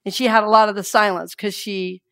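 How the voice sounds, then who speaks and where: A woman minister delivering a sermon, moving between hushed scripture reading and lively call-and-response affirmations with her congregation. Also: mid-range voice, brisk.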